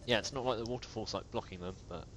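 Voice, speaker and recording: A man's voice: lowish voice, fast, a bit bright, a little hiss or hum, rough recording. A man hosting a let's play, chatting and reading game dialogue aloud in a joking way. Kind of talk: casual game commentary.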